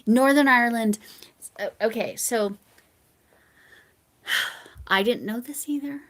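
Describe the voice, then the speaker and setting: An American woman hosting a livestream, chatting casually with viewers and reading their comments. She rambles and drifts into soft mumbled asides. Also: fairly high pitch, slow. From United States. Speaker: livestream host.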